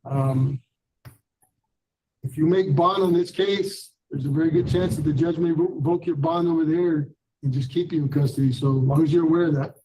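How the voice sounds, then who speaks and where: A man's voice: fairly high pitch, steady tone, moderate pace, mellow, slight background noise, poor audio. A man presiding as judge at a courtroom hearing, giving firm, instructive warnings. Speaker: magistrate judge.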